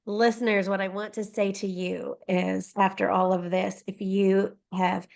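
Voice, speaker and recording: A woman co-hosts a faith ministry podcast and speaks to listeners in an encouraging, affirming way. Her voice has a gravelly fry to it and sits in a middle pitch. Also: little pitch movement, unhurried, a little mellow. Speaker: podcast co-host.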